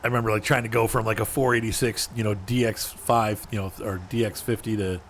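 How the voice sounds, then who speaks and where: A man's voice: fairly low pitch, little pitch movement, brisk, fairly bright tone, slight background noise. A man streaming a driving game, chatting casually and answering viewers in chat by name as he plays. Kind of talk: casual gameplay commentary.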